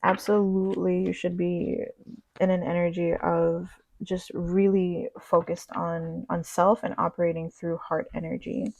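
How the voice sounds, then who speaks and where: A non-binary reader giving a casual pick-a-card reading, chatty and gushing, with many fillers and soft spiritual talk. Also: mid-range voice, flat delivery, unhurried, creaky, slight background noise, low-quality recording.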